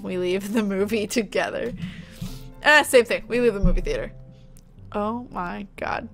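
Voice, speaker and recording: A woman's voice: mid-range voice, a bit bright. Playful woman reading a game aloud. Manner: playful, jokey asides. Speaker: game streamer. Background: game music.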